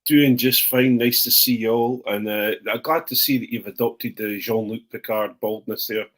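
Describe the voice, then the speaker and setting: A middle-aged man on a video call co-hosting a rugby podcast, self-deprecating and halting, with many fillers. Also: mid-range voice, steady tone, fairly bright tone. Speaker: podcast co-host. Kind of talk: casual chat.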